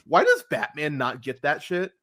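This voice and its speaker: A man's voice: a little high, huge pitch swings, normal speed, bright, forceful tone. A man hosting a podcast, chatting casually and animatedly, swearing freely with many fillers and restarts. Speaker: podcast host. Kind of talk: casual podcast review chat.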